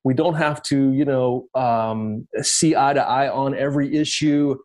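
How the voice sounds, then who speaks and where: A man in an easygoing podcast conversation, thinking aloud about his work as an entertainment interviewer. He rambles and restarts a lot, leaning on fillers, at a middling pitch. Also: a little slow, a little mellow. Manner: reflective, rambling with many fillers.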